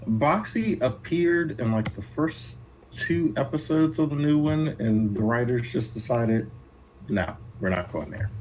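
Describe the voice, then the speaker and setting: A man's voice: mid-range voice, animated, measured pace, a little mellow, low-quality recording. A man in casual chat, answering with hesitant, stumbling sentences. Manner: hesitant, stumbles and repeats words.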